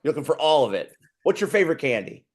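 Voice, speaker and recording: Guy hosting a chill video call chat, teasing everyone, kinda high voice. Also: sing-song, fast talker. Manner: joking, teasing. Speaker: host. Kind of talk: casual group chat.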